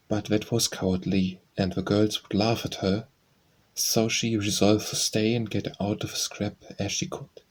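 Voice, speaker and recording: Husky low-voiced male narrator. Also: darkish tone, rough recording. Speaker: audiobook narrator. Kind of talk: scripted narration.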